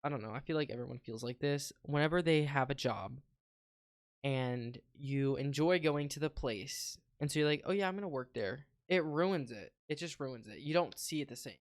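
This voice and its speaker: A man's voice: medium pitch, moderate pace. Sarcastic, swearing young man. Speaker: podcast co-host. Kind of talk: casual chat.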